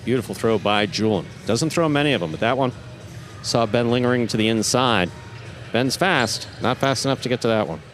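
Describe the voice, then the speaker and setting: A man calling live play-by-play, his voice leaping up on exciting plays and settling back to explain them. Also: mid-range voice, a little fast, faint music behind. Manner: animated, voice jumps up on exciting plays. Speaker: play-by-play commentator. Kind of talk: live sports commentary.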